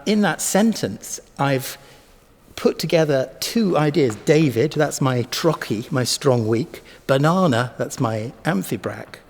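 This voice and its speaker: Cellist teaching in a reverberant hall. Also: male voice, medium pitch, a little mellow. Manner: musing, thinks aloud with ums and self-corrections; sounds out rhythms with syllables. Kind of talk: music lesson to camera. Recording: long hall reverb with cello.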